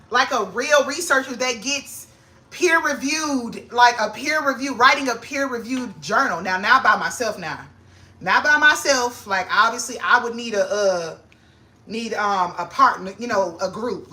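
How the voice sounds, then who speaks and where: Bright-voiced young woman, excitable and slangy. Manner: excitable, slangy, grows loud and high when hyped. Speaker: vlogger. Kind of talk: casual chat to camera.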